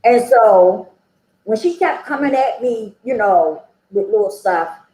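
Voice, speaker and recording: A woman's voice: a little high, expressive, unhurried, warm tone, reverberant, rough recording. A woman sharing her personal recovery story at a meeting, chatty and conversational, acting out the dialogue she quotes and often checking in with "okay?" and "you know?".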